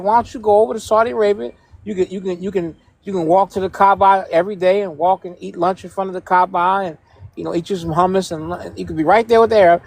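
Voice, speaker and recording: A man's voice: high voice, darkish tone, no echo. A man arguing heatedly on a live panel, confrontational and profane, repeating himself and talking over others. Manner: confrontational, repetitive, interrupting, profane. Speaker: panel participant. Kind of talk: heated live-stream debate.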